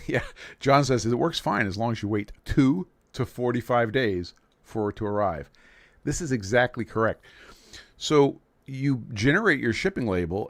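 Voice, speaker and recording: A man's voice: medium pitch, no room sound. A man from New York City hosting a casual livestream, joking and rambling as he restarts his sentences. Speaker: livestream host.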